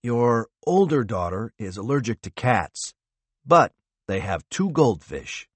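A man voicing a cold, relentless male interrogator who asks calm, clipped questions in an audiobook. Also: mid-range voice, slow pace, husky, no room sound, heavily acted.

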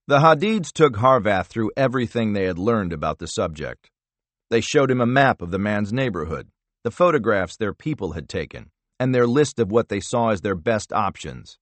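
A man narrating a thriller audiobook in a measured, expressive storytelling manner. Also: on the low side, no echo. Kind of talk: scripted narration.

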